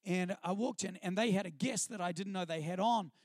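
A middle-aged man from New Zealand with a New Zealand accent, speaking as a guest on a church stage and sharing his testimony in an animated, self-deprecating, chatty way. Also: sits high, fairly quick, no room sound, studio quality. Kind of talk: personal testimony storytelling to a live audience. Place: stage before a live audience.

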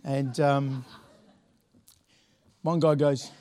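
A man's voice: medium pitch, normal speed, darkish tone. A middle-aged man, a pastor telling a story from the pulpit in a chatty, laughing way with many restarts. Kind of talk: sermon anecdote.

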